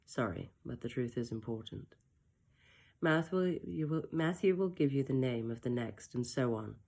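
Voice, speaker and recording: A woman reading her own novel aloud, voicing a dying father's letter to his estranged daughter in a soft, hushed, apologetic way. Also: a bass voice.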